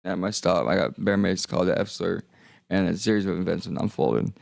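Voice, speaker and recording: Young guy rambling on his stream, low gravelly voice, dry close mic. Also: a little fast, no room sound. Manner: rambling, jokey, trails off into mumbles. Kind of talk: rambling casual stream talk.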